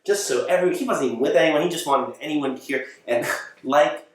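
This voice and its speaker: A man's voice: fairly high pitch, fairly quick. A man hosting a home talk show in his apartment, delivering a casual monologue that rambles, corrects itself and breaks into chuckles mid-sentence. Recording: very echoey room, mic far off.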